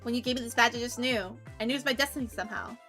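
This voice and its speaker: A woman's voice: on the high side, fairly even intonation, rapid-fire, sharp tone, soft background music. A woman doing Lynn, an eager young detective. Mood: earnest.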